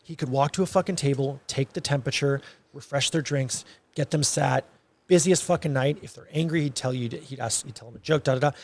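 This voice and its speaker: Fast-talking gravelly man, casual profane chat. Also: medium pitch. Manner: profane, animated storytelling. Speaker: podcast host, chef.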